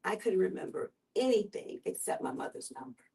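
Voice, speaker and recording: A woman guest with a gravelly voice telling her personal story in an earnest, unhurried way. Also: medium pitch, big pitch swings, dark tone, far from the mic, poor audio. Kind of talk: personal testimony in conversation.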